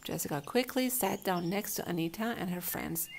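A woman reading a children's picture book aloud in a gentle, expressive storytelling manner. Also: on the low side, normal speed, gravelly, a little hiss or hum.

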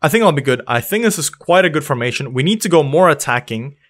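A man giving excitable, panicky live commentary on his own football management game, shouting at the match as it plays out. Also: a little high, fast. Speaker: gaming video creator.

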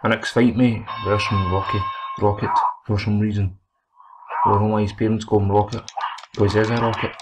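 A Scottish man giving excited, foul-mouthed let's play commentary, trash-talking the game as he plays. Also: on the low side, fairly quick. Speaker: gaming commentator. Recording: noisy home recording.

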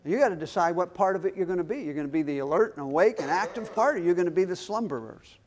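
A man's voice: high-pitched, expressive, fast talker, a little mellow. A male pastor preaching a sermon, emphatic, with call-and-response questions to the congregation. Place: church.

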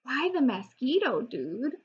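The smallest chihuahua of the pack, a laid-back little male who drawls his lines, voiced by a woman reading a storybook. The voice has a husky grain, and the recording is a bit dull and lo-fi. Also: high-pitched, very animated, measured pace, exaggerated voice. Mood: matter-of-fact.

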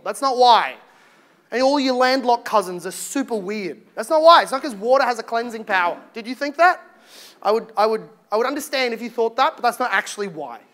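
A male pastor preaching a sermon in an animated way, with humorous asides. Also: very high voice. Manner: animated, joking asides, acts out quotes.

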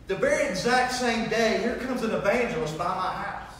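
A man giving a sermon testimony, telling his story in an animated way and acting out the dialogue. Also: high-pitched, normal speed, a little hiss or hum. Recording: echoey hall, mic far off.

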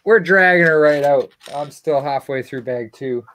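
A man's voice: a little high, moderate pace, fairly bright tone. A man co-hosting a livestream, chatting easily and reading viewer comments as he builds. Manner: easygoing, reads viewer comments aloud. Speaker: livestream co-host. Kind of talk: casual chat during a toy build.

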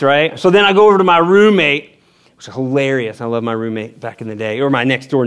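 A middle-aged man preaches from the pulpit, animatedly relating a personal anecdote. He gives each voice in the story its own character, jumping dramatically in pitch.

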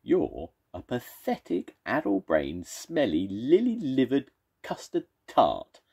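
An older man voicing a cheeky, squabbling male monster in a children's storybook, shouting taunts and names. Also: low-pitched, huge pitch swings, slow pace, slightly rough, exaggerated voice. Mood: taunting. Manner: shouting taunts, name-calling.

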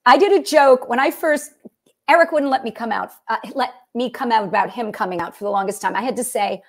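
A woman's voice: a little high, quick pace. A middle-aged woman, a guest comedian, telling rambling stories on a casual podcast and acting out the quotes of the people in them. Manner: rambling storyteller who acts out quotes.

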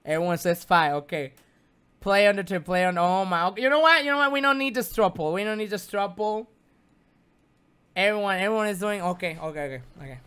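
A man whose first language is Spanish, streaming a game live with excitable, theatrical commentary that jumps from muttering to yelping. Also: sits high, fast, clean tone. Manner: excitable and theatrical, swinging between mutters and yelps. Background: game music.

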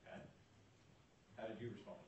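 A man interviewing, firing brisk, pointed questions and saying okay between answers. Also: a little mellow, a little hiss or hum. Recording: roomy audio from a distance.

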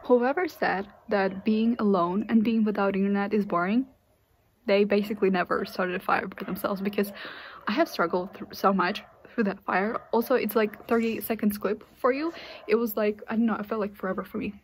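A woman's voice: mid-range voice, fairly even intonation, fairly quick, slight background noise. A young woman who is not a native English speaker, chatting casually to camera outdoors by a campfire, often exclaiming and repeating words. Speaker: vlogger. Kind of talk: casual vlog talk to camera.

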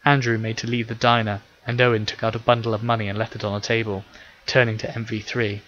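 Brief: male audiobook narrator, steady measured reading, bright forward tone, slightly dull audio. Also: fairly low pitch. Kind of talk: scripted narration.

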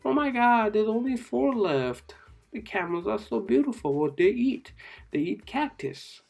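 An excitable narrator of a kids' cartoon who keeps repeating short phrases in a chanting way. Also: mid-range voice, a little slow, vocal fry, husky, soft background music.

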